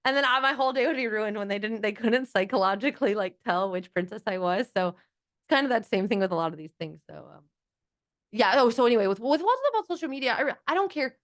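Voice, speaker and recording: A young adult woman, a guest in a casual interview, talking quickly and animatedly with many fillers and playful acted-out quotes. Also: medium pitch, lively intonation, no echo, studio quality. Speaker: guest, financial literacy educator.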